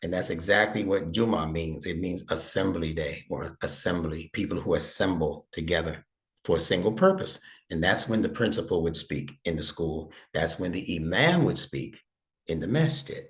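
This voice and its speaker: Speaking at a normal pace in a deep voice, a middle-aged man who is an Arabic instructor and imam works one-on-one with a young student. He explains things patiently, step by step, and checks that the student follows.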